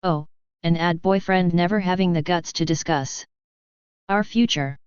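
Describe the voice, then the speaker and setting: A woman narrates a novel in the first person at an unhurried pace. Her voice is very clear and sits a little low. The recording is dry and slightly dull. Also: no room sound. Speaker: audiobook narrator.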